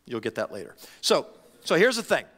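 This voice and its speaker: A male pastor preaching a sermon to his congregation in an animated, conversational way, often restarting his phrases. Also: medium pitch, fairly quick. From United States. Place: church sanctuary. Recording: long hall reverb.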